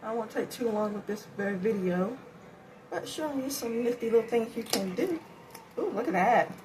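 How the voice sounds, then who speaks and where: A woman's voice: fairly high pitch, animated, moderate pace, background noise. A tired woman chatting casually and rambling to herself while she does her makeup at home for a beauty vlog. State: tired and breathing heavily. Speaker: beauty vlogger. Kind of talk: casual makeup tutorial chat.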